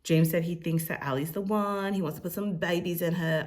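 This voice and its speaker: Chatty low-voiced woman recapping a show. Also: steady tone, brisk, a little mellow. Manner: chatty and opinionated, with frequent fillers; mimics cast members' lines in a higher voice. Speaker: recap host. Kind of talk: casual reality TV recap.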